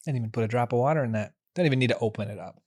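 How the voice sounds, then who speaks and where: A man's voice: medium pitch, racing, a little mellow, no room sound, clean studio sound. A man co-hosting a casual podcast chat, easygoing and joking. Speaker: podcast co-host.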